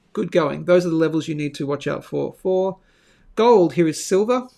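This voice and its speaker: Man, gravelly, fairly high voice, live market chart host, chatty. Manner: chatty, thinking aloud, with sudden bursts and asides.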